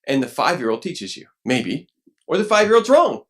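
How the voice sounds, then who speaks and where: A pastor preaching a lively sermon, acting out quoted voices and now and then rising to a shout. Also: male voice, mid-range voice, a little fast, long pauses. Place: church.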